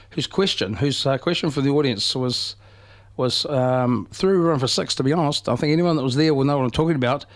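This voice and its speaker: A man co-hosting a radio show, telling rambling stories full of fillers and restarts. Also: mid-range voice. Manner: rambling storyteller with many fillers. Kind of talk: casual banter.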